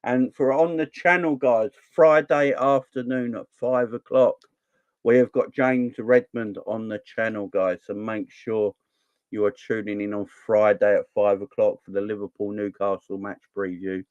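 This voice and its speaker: A man's voice: fairly low pitch, fairly even intonation, a little slow, darkish tone, smooth, dry recording, lo-fi sound. A man in his forties from southern England, hosting a casual live stream and chatting back to viewer comments. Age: 40s. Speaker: fan channel host.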